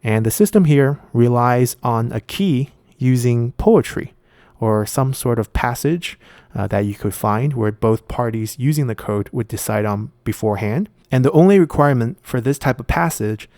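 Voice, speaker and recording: A man's voice: medium pitch, expressive, normal speed, darkish tone, no echo, studio quality. A man hosting an explanatory video lesson, explaining patiently and step by step with frequent filler sounds. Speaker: video essay host.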